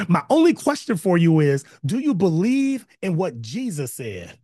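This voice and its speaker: Casual online preacher, male, lively swings in pitch, dead-dry close sound, slangy asides, builds to emphatic repeats. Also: unhurried, hardly any pauses, no room sound. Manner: energetic, building to emphatic repetition; conversational slang, self-interrupting asides. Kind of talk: online sermon with chat interaction. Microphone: close mic, video call.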